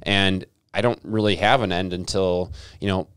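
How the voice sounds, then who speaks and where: A man's voice: low-pitched, steady tone, normal speed, fairly bright tone, smooth, no room sound, studio quality. A man, a podcast guest, chatting casually and animatedly, laughing often. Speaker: podcast guest, adaptive athlete.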